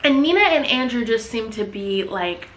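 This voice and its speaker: A young woman recapping a novel in a chatty, animated way, with playful asides. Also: fairly high pitch, moderate pace. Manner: chatty and animated, slips into playful character voices. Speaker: book vlogger. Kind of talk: casual book recap. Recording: roomy echo.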